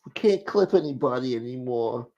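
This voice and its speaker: A man's voice: medium pitch, animated, normal speed, dark tone, natural voice. A man voicing an exasperated, scolding middle-aged mob brother. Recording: muffled lo-fi audio.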